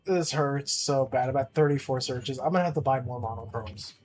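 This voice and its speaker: A man streaming a game live, chatting casually, grumbling and swearing, then cheering loudly at wins. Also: mid-range voice, moderate pace, faint music behind. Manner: swings between grumbling and excited cheering, swears often. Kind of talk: live-streamed gaming chat.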